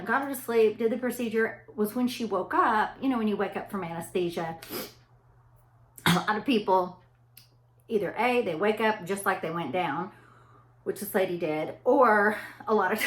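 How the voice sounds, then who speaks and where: A woman's voice: medium pitch, normal speed. A middle-aged woman tells stories in a chatty, direct way, as if talking to friends. Her voice sits in a middle register and rings in an echoey room. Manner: chatty storyteller addressing listeners directly. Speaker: anesthesia provider. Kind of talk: casual motivational talk.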